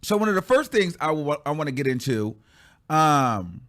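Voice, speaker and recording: A man hosting a casual pop-culture commentary show, talking in an animated, sassy way, stretching out words for effect and laughing often. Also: fairly high pitch, moderate pace.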